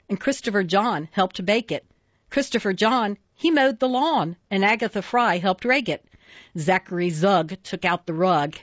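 A woman reading children's poems aloud in a playful, expressive sing-song way. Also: medium pitch, no echo, highs cut off. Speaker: reader.

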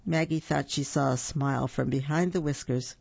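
A storyteller reads a children's story aloud with a gravelly, creaky voice, adding little asides for young listeners. The recording is dull and lo-fi, in a dry room with no echo. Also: medium pitch, steady tone, normal speed, darkish tone.

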